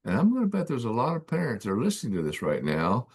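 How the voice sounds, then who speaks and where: Lively, slightly husky male host. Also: mid-range voice, quick pace. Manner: affirming, lively, thinks aloud with restarts. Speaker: podcast host. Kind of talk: conversational interview.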